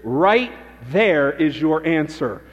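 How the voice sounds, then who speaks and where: A man's voice: on the high side, expressive, slow. A man preaching a sermon to his church, emphatic and repeating key phrases for emphasis. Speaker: pastor. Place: church sanctuary. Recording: dull lo-fi with long church reverb.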